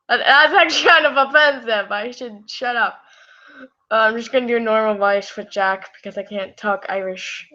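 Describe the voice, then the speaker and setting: Reading fan fiction aloud for her live stream, a weary woman with a scratchy throat keeps giggling, rambling off track, and apologizing. Her mid-range voice is a bit bright, and the recording comes through muffled and lo-fi.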